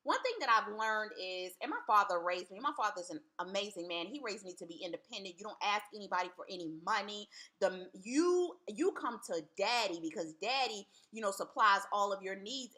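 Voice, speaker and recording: A woman's voice: mid-range voice, expressive, fairly quick, pushed and bright. A woman talking earnestly and candidly to camera as a Christian vlogger, casual and full of "like". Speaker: Christian vlogger giving marriage advice. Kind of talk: casual faith talk to camera.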